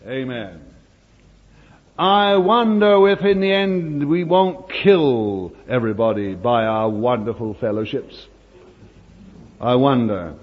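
Brief: older man preaching slowly, hushed then emphatic, recorded dull in a reverberant hall. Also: medium pitch, lively intonation. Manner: storytelling, swings between hushed asides and emphatic lines. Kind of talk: sermon.

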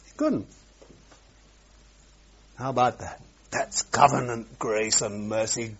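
A man preaching a sermon, swinging between loud, emphatic exclamations and hushed asides. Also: medium pitch, fairly even intonation, slow, long pauses, breathy edge. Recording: dull lo-fi sermon recording.

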